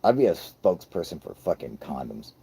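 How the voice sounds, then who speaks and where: A man's voice: low-pitched, big pitch swings, a little fast, creaky, mellow, slightly rough. An American man with a scratchy voice hosting a livestream, joking around with heavy swearing and frequent laughter. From United States. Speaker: livestream host reading chat. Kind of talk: casual profane banter.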